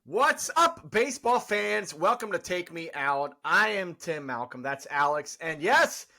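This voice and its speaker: A man's voice: sits high, sing-song, unhurried, sharp tone. A man co-hosting a casual podcast, chatty and enthusiastic, often repeating himself. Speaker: podcast co-host.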